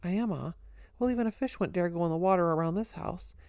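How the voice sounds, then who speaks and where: Woman voicing a cocky young show-off guy, slangy, wisecracking, dark low voice, storybook reading. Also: fast, no echo, studio quality, close to an everyday voice. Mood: griping. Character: brash cocky young man, show-off party guest.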